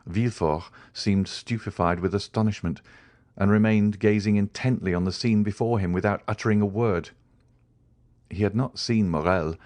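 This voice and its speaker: A man narrating a classic novel as an audiobook in a measured, even reading. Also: on the low side, no room sound. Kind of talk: scripted narration.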